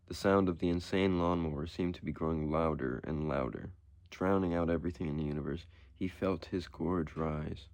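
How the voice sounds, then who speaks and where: Male narrator, low voice, steady audiobook reading of a short story. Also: moderate pace, no echo.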